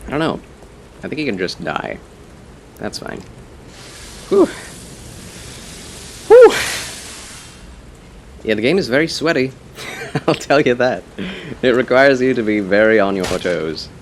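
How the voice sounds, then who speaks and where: A man streaming a game live, chatting casually and politely with his viewers, with quick laughs and muttered asides. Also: mid-range voice, huge pitch swings, slight background noise. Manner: chatty, answers chat, playful and polite.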